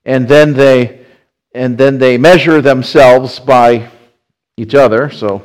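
A man's voice: medium pitch, measured pace, low-quality recording. Man preaching a conversational sermon. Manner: conversational preaching with frequent restarts. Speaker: pastor. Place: church.

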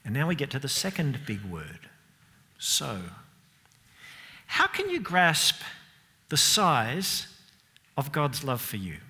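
A man preaching a sermon, expressive and emphatic, asking rhetorical questions and dropping to softer moments. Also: mid-range voice, takes it slowly, pauses often. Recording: long hall reverb.

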